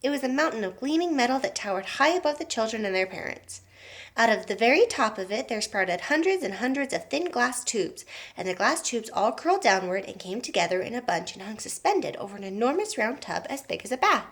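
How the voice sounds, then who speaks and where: A woman teacher reading a children's book aloud to young students, in an expressive storytelling manner. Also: a little high, a little fast.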